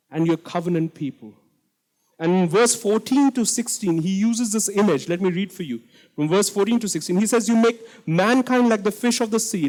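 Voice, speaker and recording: A man preaching a sermon, retelling scripture in casual everyday speech and dropping to a hushed voice for the quoted pleas. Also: high-pitched.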